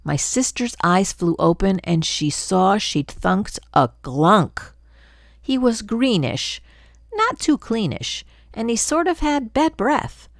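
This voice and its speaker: A woman's voice: mid-range voice, very animated, slow, no room sound, clean studio sound. An older woman reading a rhyming children's story aloud in a sing-song storybook manner.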